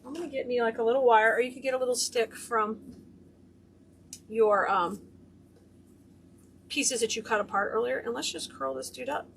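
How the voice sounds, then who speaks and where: A woman's voice: fairly high pitch, lively intonation, moderate pace, creaky, slight background noise. A woman hosting a hands-on wreath-making tutorial, chatting and gushing over her work as she goes. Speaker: craft tutorial host. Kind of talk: hands-on craft demonstration.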